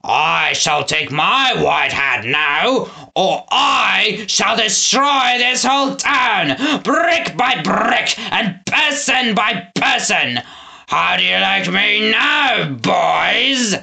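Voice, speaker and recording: A shrill taunting fake-French lady villain. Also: very animated, takes it slowly, few pauses, heavily acted. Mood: menacing.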